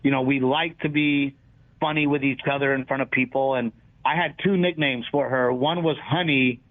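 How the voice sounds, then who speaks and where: A man, a comedian guest in a casual interview, telling lively stories and acting out what people said. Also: mid-range voice, normal speed. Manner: animated storyteller, acts out quotes. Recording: tinny phone-like line.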